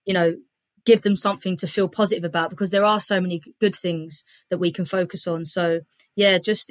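A woman comedian chats as a podcast guest, upbeat and stringing her thoughts together in long runs. Her voice sits fairly low for a woman. The sound is close and dry. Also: dry recording. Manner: upbeat, quick, talks in long run-on strings. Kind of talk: casual interview chat.

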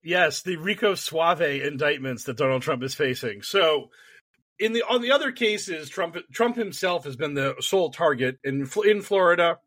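A man's voice: a little high, lively intonation, moderate pace, a bit bright. A man co-hosting a podcast in casual comedic chat, laughing a lot and swearing. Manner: laughs a lot, agrees eagerly, profane. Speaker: podcast co-host.

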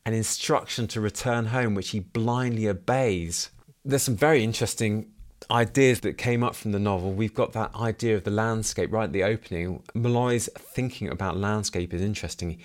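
A man hosting a book podcast, musing reflectively on a novel and asking himself questions as he goes. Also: lowish voice. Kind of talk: book review monologue with read-aloud passages.

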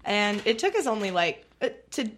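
A woman's voice: mid-range voice, sing-song, normal speed, a bit bright, slight background noise. A woman co-hosting a podcast, chatting casually with a giggly, rambling, self-deprecating manner. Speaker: podcast co-host. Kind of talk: casual chat.

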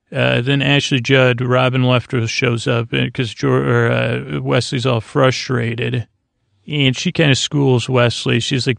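A man's voice: medium pitch, no room sound. A man hosting a podcast, loosely recapping a TV episode in a meandering way, full of fillers and self-corrections. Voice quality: gravelly. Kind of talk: rambling sleepy recap chat.

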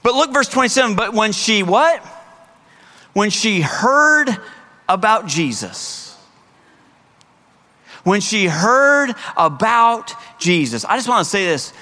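A man preaching a sermon as pastor, lively and energetic, breaking into shouts and playful voices. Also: high voice.

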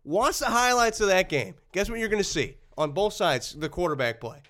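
A man co-hosting a casual sports podcast, talking in an animated, heated way with a slightly runny nose. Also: high voice, normal speed. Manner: animated, heated ranting with laughs. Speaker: podcast co-host.

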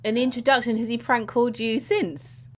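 A woman's voice: a little high, steady tone, normal speed. A woman interviewing a guest in a casual, enthusiastic way.

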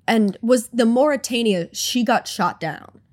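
A woman's voice: on the high side, expressive, unhurried. A woman co-hosting a podcast in casual chat, wry and joking with self-mocking asides. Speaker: podcast co-host.

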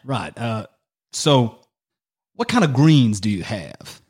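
A man's voice: medium pitch, sing-song, slow, darkish tone, husky. Hesitant man playing a tabletop game. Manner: polite, hesitant, with fillers. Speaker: player.

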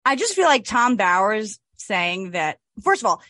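A young adult woman co-hosting a podcast in casual chat, laid-back and sarcastic, quick to laugh. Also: medium pitch, very animated, fairly bright tone, no echo. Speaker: podcast co-host.

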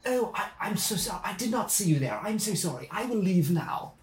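A man's voice: high voice, animated, a little fast, reverberant, voice pushed up. A man doing a stammering Australian digger. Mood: apologetic. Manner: stammering, flustered, apologetic. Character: awkward apologetic male Australian digger from underground. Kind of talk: improvised comedy sketch.

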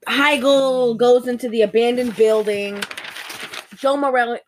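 Woman co-host with a slightly high voice, casual and animated, breaks into exclamations and acted-out lines. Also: a little slow, a little hiss or hum. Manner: animated, exclaims and acts out lines with big pitch jumps. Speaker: podcast co-host. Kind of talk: casual chat recapping a movie.

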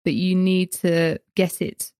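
A woman's voice: fairly low pitch, little pitch movement, takes it slowly, mellow, no echo. Woman in her thirties, chatty host, self-deprecating, close dry mic. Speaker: host and massage therapist. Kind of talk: casual interview chat.

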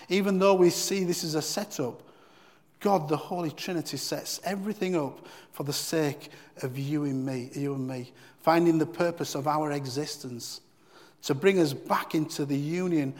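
A man's voice: fairly high pitch, in a large hall. A man giving a devotional Bible teaching in an earnest, emphatic way, often repeating key phrases.

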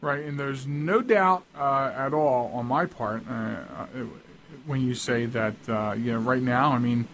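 A man's voice: mid-range voice, measured pace, a bit bright. A man hosting a radio talk show, chatting casually and rambling with lots of restarts and asides.

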